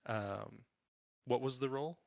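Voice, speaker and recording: A man's voice: mid-range voice, slow pace, creaky, dry recording, studio quality. A man narrating a tabletop game as game master, describing the action in detail.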